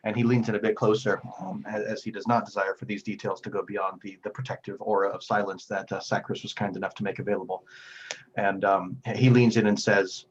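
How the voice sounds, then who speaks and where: A man's voice: on the low side, flat delivery, fairly quick, slightly rough. A man narrating a tabletop game as game master, describing scenes at length with frequent fillers, in a slightly muffled recording.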